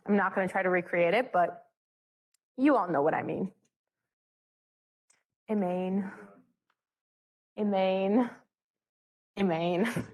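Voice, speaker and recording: A young woman leading a chemistry study session in a bubbly, joking way. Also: mid-range voice. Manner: bubbly, joking, self-mocking. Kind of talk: classroom teaching.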